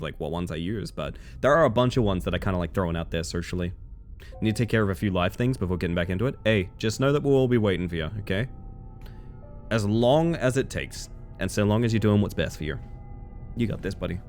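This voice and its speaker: A chatty man streaming a game and talking to chat, his low voice swinging up and down as he goes. He laughs easily and keeps the mood loose. Soft game music plays under him. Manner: chatty, reads chat aloud, laughs often. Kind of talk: casual live-stream chat while gaming.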